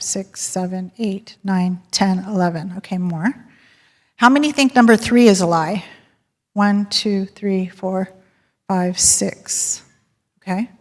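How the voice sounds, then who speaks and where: Lively woman presenter in an echoing hall. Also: medium pitch. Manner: lively storyteller, polls the audience and laughs often. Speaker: sales director giving a talk. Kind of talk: live presentation to an audience. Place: large hall with audience. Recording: long hall reverb.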